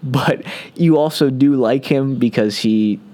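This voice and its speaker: A man's voice: mid-range voice, measured pace, warm tone. A man hosting a podcast, reading aloud from his own comic science-fiction story in a playful, wisecracking manner. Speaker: podcast host and fiction author.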